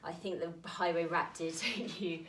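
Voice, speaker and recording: A British woman leads little children through a dance class, a touch out of breath and gently encouraging. She sounds set back from the microphone in a roomy space, with a faint hum underneath. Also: on the low side, fairly even intonation, normal speed. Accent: British English. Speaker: dance teacher. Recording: roomy sound, mic at a distance.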